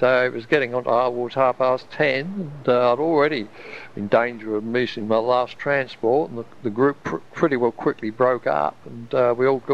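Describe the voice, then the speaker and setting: A man's voice: medium pitch, gravelly. A man, telling a personal story in a rambling, wondering way, often restarting his sentences. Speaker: storyteller recalling an experience. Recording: dull lo-fi recording.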